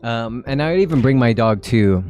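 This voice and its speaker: Man in his twenties, casual stream chat, rambling, laughs a lot, mid-pitched, faint music behind. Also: animated, normal speed, darkish tone. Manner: rambling and chatty, with frequent laughs.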